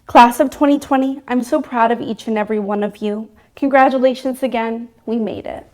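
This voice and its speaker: A woman's voice: fairly high pitch, fairly even intonation, a little fast, darkish tone. A young adult woman, a graduating nursing student, gives an earnest, grateful graduation speech read aloud.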